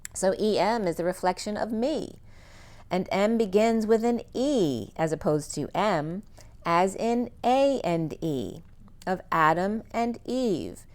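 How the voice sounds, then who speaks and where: A woman giving a solo spiritual reading, thinking aloud as she lists word meanings in a musing run-on flow, her voice going a little hoarse. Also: lowish voice, darkish tone. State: losing her voice, slightly hoarse. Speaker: spiritual reader.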